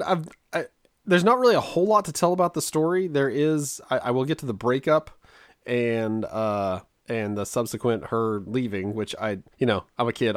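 A man's voice: fairly low pitch, dry recording, studio quality. Rambling man telling a childhood story. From Kansas. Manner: rambling, self-mocking, frequent restarts. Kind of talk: casual storytelling chat.

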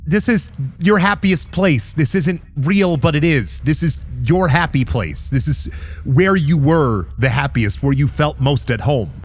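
A man's voice: on the high side, expressive, a little slow. A man voicing a weary girl arbiter. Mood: ominous. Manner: hesitant, stammering, exasperated.

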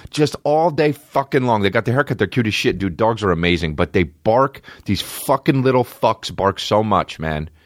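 A man in his thirties hosting a podcast from home, rambling in a casual, profane, animated way with lots of restarts. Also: fairly low pitch, normal speed, hardly any pauses, no room sound, studio quality. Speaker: podcast host. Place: at home, dogs nearby. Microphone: podcast microphone.

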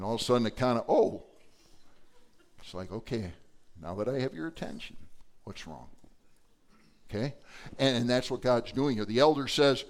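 Animated man preaching a sermon. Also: a little high, smooth. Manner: animated preaching, acts out quotes with sudden loud and soft swings. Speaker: pastor.

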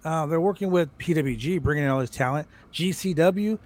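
Brief: man, slightly high voice, excitable rambling podcast co-host, swears freely. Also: brisk. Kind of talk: casual wrestling podcast chat.

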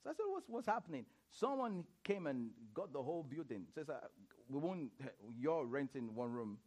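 A man preaching a sermon in church, animated, laughing often and repeating phrases as he questions the congregation. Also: fairly high pitch, normal speed.

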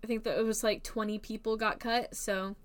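A young woman co-hosting a podcast in casual chat, self-deprecating and halting, often trailing off and starting over. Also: on the high side, little pitch movement. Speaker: podcast co-host.

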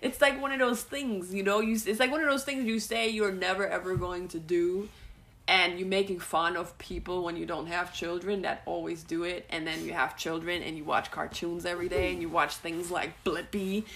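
A woman co-hosting a family podcast, chatting in an upbeat, easygoing way and quick to laugh. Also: lowish voice, steady tone, a bit bright, a little hiss or hum. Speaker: podcast co-host; mother and entrepreneur. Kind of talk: casual chat.

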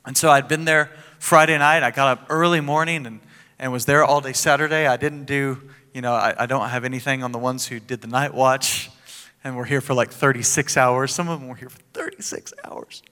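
A man preaching as pastor, telling a personal story in an animated, joking way with laughs and asides. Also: medium pitch, a little fast, clear, resonant tone, long reverb tail. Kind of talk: sermon.

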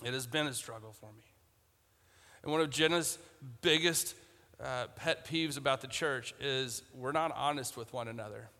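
A man's voice: medium pitch, moderate pace, pushed and bright, long reverb tail. A man preaching a conversational sermon as a pastor, retelling Bible scenes in casual modern speech and repeating phrases for emphasis.

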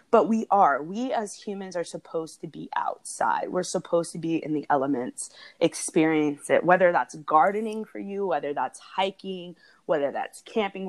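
A woman co-hosting a podcast, talking in a casual, earnest and heartfelt way, often laughing as she speaks. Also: on the low side. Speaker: podcast co-host.

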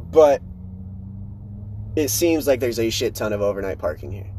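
A man's voice: mid-range voice, darkish tone, slight background noise. A young man talking casually on his own podcast, slangy and swearing, recorded in his truck in a parking lot. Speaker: podcast host.

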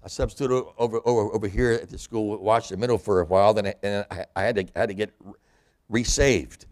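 A man's voice: on the low side, steady tone, fast talker, darkish tone. A man preaching a sermon in a church, a pastor and hospital chaplain who acts out the voices of people in scripture.

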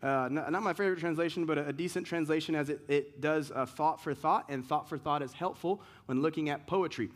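A male pastor delivering a sermon with a slightly high voice. He presses his points through rhetorical questions, then drops into relaxed, chatty asides. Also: brisk, few pauses.

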